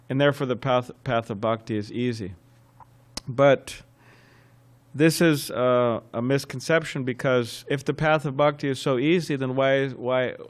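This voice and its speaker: Man, temple class speaker, sermon with anecdotes, mid-range voice, lively, chuckles, restarts phrases. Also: medium pitch. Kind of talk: sermon with storytelling.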